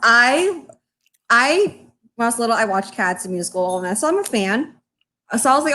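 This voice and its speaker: A woman's voice: on the high side, expressive, normal speed, sharp tone, a little hiss or hum. A woman co-hosting a casual podcast chat, talking in a chatty way that is full of "like"s and laughter. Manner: chatty, laughing, heavy use of "like". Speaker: podcast co-host.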